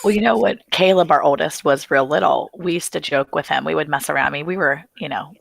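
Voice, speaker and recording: A woman's voice: deep voice, fast talker, creaky, no echo. A woman co-hosting a casual livestream chat, telling funny family stories with lots of laughter. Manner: storytelling with lively laughter. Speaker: co-host.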